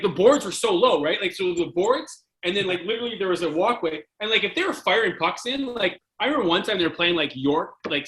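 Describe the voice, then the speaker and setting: Man in his forties, bright-voiced. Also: on the high side, rough recording. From Canada. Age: 40s. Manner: rambling, many fillers and restarts, laughing. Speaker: guest, former hockey player. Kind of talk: casual storytelling.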